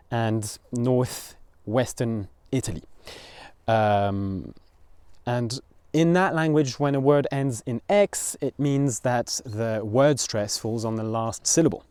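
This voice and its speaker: A man's voice: medium pitch, darkish tone, clean tone, no room sound. A man from France with a French accent, teaching a pronunciation lesson and patiently repeating words to model the sounds.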